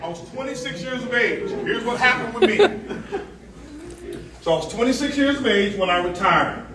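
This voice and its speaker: A man giving a lively motivational seminar talk, telling stories and joking with a live audience. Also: extremely high pitch, moderate pace. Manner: animated storyteller, jokes with the crowd, asks for hands. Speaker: motivational speaker on stage. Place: large event hall. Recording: echoey hall, distant mic.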